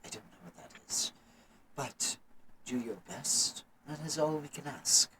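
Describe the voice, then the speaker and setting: A man narrating a tabletop game as game master, calm and soft-spoken. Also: mid-range voice, a little slow, a little hiss or hum, rough recording.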